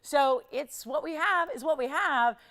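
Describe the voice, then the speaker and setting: A woman's voice: sits high, fairly bright tone. Bubbly woman selling jewelry live. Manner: bubbly, persuasive, quick to laugh. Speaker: shopping channel host. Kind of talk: live jewelry sales pitch.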